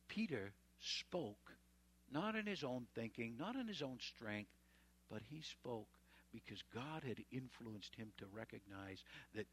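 A man's voice: medium pitch, a bit bright, slightly rough. A man preaching a sermon, retelling scripture in a conversational, folksy way with chatty asides. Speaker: pastor.

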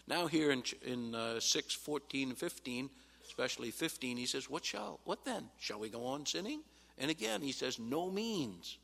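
A pastor giving a Bible sermon in an emphatic teaching manner, pausing on "uh" and rising sharply on quoted replies. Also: male voice, medium pitch, expressive, gravelly, fairly bright tone. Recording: long hall reverb.

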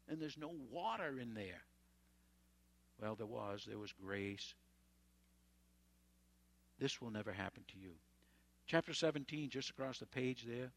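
Male pastor, middle-pitched voice, easygoing conversational sermon with asides. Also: expressive, measured pace, gravelly, pauses often. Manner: conversational, folksy retelling with asides.

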